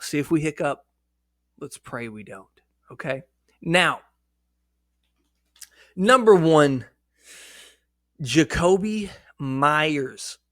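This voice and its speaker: A fast-swinging, excitable man with a fairly high voice and a slight shake in it, as if he has been hiccuping all day. He talks right at the viewer, blunt and cursing freely. The sound is dry and close, with no room around it. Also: no echo. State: shaky voice after hours of hiccups. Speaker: fantasy football content creator. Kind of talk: casual fantasy football talk to camera.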